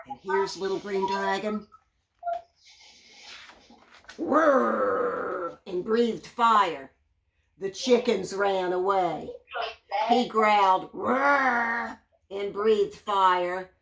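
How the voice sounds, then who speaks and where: Slow-reading woman teacher. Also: mid-range voice, background noise. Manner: gentle, drawn-out storytelling with sound words. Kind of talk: children's story read-aloud.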